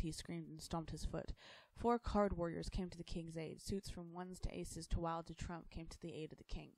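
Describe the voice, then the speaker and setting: A woman narrating a storybook aloud in a steady, plain storytelling way. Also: on the low side, gravelly, no room sound, rough recording.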